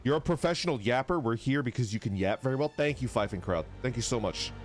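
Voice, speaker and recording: Lively casual male streamer. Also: medium pitch, quick pace, soft background music. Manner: lively, swearing, reads chat aloud. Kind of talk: casual live-stream chat.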